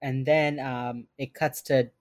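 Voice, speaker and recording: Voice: mid-range voice, little pitch movement, slow pace, a little mellow, dry recording. A podcast host recapping a TV episode scene by scene from notes, chatting casually with fillers. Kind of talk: casual chat.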